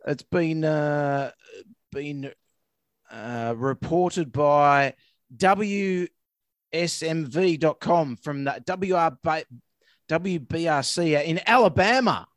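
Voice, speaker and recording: A man's voice: a little high, slow pace, dry recording. An Australian man co-hosting a vet podcast, bantering with dry, teasing humour over a remote call. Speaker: veterinarian podcast co-host. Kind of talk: casual chat. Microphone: remote call recording.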